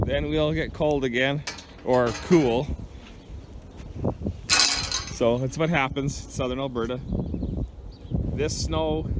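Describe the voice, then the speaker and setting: A man, a rancher chatting casually while doing chores, a little out of breath. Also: mid-range voice. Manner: chatty, rambling, talks to his dog. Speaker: cattle rancher. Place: outdoors on a snowy ranch. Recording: outdoor noise with animals. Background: cattle, birds and outdoor noise.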